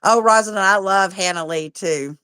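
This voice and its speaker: A woman's voice: mid-range voice, moderate pace, bright, forceful tone, smooth, no room sound. Woman, livestream host, folksy chatter, greets viewers by name, dry close sound. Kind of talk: casual livestream chat.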